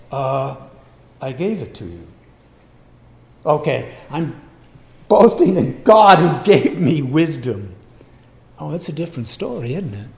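A male preacher delivering a sermon in a slow, deliberate way. His voice is gravelly, and his pitch leaps around, from loud, emphatic lines down to quiet, low asides. Now and then he slips into quick quoted bits, acting out boastful voices. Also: big pitch swings.

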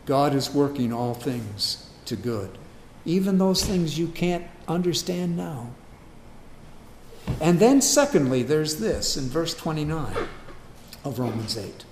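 A man preaching a sermon, emphatic, swinging between loud declarations and quiet low asides. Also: a little hiss or hum. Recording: echoey room with faint ambience.

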